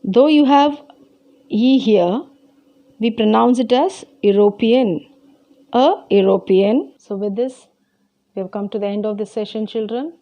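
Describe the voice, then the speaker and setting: Slow, patient Indian English woman teacher. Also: a little high, warm tone. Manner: slow, patient explaining with repeated key points. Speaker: school teacher. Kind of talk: recorded grammar lesson.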